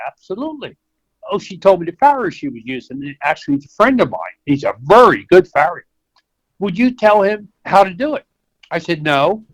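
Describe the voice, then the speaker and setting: Older American man, vet guest on a talk show. Folksy, chatty storyteller who acts out his quotes, slightly high voice, dry close mic. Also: no echo, rough recording. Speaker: veterinarian guest. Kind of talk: conversational interview.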